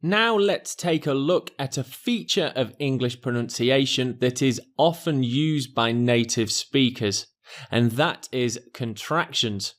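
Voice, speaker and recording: A man teaching an exam pronunciation lesson in a clear, deliberate scripted delivery that stresses key words. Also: mid-range voice.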